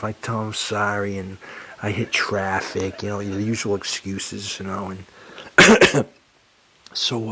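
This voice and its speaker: A man telling a casual personal anecdote in an animated, exasperated way, full of fillers. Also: on the low side. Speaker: storyteller.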